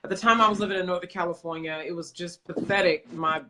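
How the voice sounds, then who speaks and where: A woman's voice: fairly low pitch, fast talker, bright, forceful tone, slight background noise. A woman coach, telling a story in a blunt, emphatic way with some swearing, in a casual conversation. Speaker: business coach.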